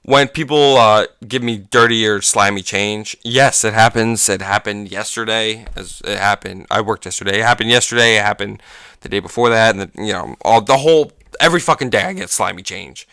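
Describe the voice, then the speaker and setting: Fairly quick and lowish, this podcast host's voice is sharp and clean, recorded at studio quality with no room sound. Chatting casually alone, he rambles through stories packed with swearing, filler words and laughter.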